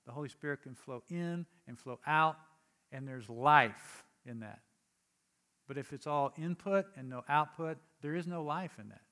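A man delivers a sermon to his congregation in a fairly high voice. He talks in a conversational way, dropping quiet for explanation and rising for emphatic urging. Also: moderate pace. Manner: conversational preaching, swings from soft to emphatic. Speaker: pastor.

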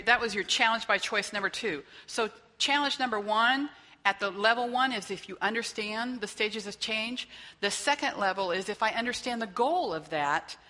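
A woman's voice: medium pitch, sharp tone, in a large hall. A woman trainer leading a faith-based teaching session, talking conversationally and checking in with her listeners as she goes. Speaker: workshop trainer.

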